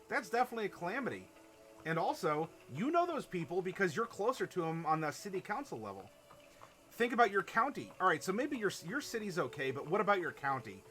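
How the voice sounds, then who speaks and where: Running a worldbuilding workshop on stream, this Ohio man talks to chat in a casual, rambling way. His bright voice is pitched slightly high, and he reads messages aloud and laughs often.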